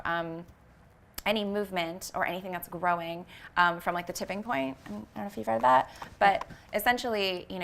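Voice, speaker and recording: Woman, bright voice, earnest, reflective, casual interview guest, searching for words with fillers. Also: mid-range voice, slight background noise. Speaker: vegan fashion brand founder, interview guest.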